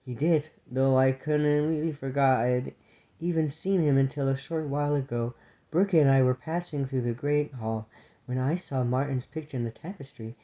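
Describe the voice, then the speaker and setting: Storybook: earnest young squirrel maid, sincere and urgent, read by a man; mellow tone, dull audio. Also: medium pitch, fairly even intonation, moderate pace, close to an everyday voice. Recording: dull lo-fi recording.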